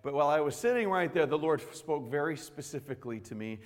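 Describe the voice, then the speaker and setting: A male pastor preaching a fervent sermon, swinging between quiet, intimate passages and loud, impassioned pleading. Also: a little high, expressive, quick pace, long reverb tail.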